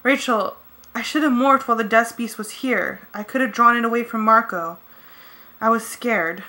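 A woman's voice: on the high side, normal speed, bright, forceful tone. A woman voicing an anxious, guilt-stricken teenage girl in a fan audiobook, with a pleading, shaky delivery. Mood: guilty. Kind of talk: fan audiobook character reading.

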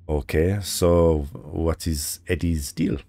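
A man's voice: lowish voice, sing-song, normal speed, a little mellow, no room sound. A man voicing an inquisitive woman, with a weak put-on accent.

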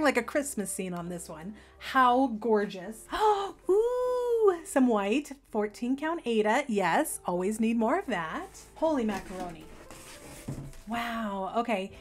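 A young adult woman vlogging casually as she unboxes craft kits, gushing and gasping with excitement. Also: a little high. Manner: gushing, excitable, gasps often. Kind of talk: unboxing chat.

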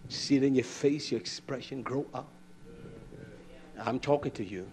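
An older man preaching a sermon, scolding and fiery, swinging from low mutters to loud outbursts. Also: moderate pace, a little hiss or hum.

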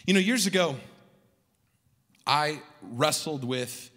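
A young adult man from Southern California preaching a sermon as a pastor, telling a story with animated, emphatic peaks. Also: fairly high pitch, takes it slowly. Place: large church hall. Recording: long hall reverb.

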